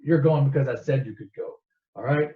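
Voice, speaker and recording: A man's voice: medium pitch, fairly quick, close to an everyday voice. A man voicing a huge worm-like male crime boss who rambles defensively and stumbles over his words. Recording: echoey dull lo-fi recording.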